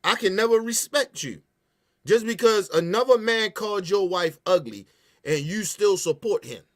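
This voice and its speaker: A man's voice: high-pitched, animated, normal speed. A man rants through heated, profane commentary. He talks emphatically and animatedly, hammering his points again and again. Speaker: podcast host.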